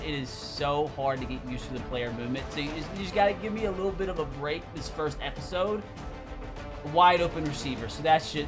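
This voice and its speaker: A young man commenting on his own gameplay as a YouTuber, groaning and exasperated, with frequent outbursts. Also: high voice. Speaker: gaming YouTuber. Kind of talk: live game commentary. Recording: game music behind voice.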